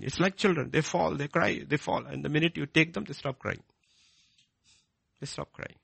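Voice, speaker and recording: A middle-aged man preaches with a gravelly, bright edge to his voice. His pitch leaps widely as he shifts from quiet scripture reading to loud, high exhortation. The sound is close and dry. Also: big pitch swings, normal speed, pauses often, dry recording. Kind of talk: sermon.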